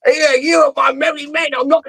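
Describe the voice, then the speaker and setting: Man putting on a stubborn promoter voice, pitched way up, shouty, over the top. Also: little pitch movement, fairly quick, full character voice. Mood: mocking bluster. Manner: high, shouted, exaggerated mockery. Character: mock boxing promoter, male, blustering and stubborn. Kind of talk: podcast impression.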